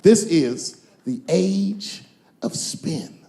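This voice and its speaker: A middle-aged man doing profane, animated stand-up storytelling on stage before a live audience. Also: sits high, extremely slow, gravelly. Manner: animated, profane, acts out voices. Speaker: stand-up comedian. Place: comedy stage before a crowd. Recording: live club set with loud audience.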